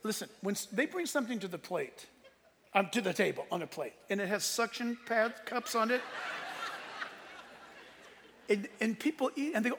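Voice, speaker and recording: High-voiced, gravelly joking pastor. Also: male voice, moderate pace, long pauses, long reverb tail, slight background noise. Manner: animated and joking, laughing often, shouting at times. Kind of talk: sermon.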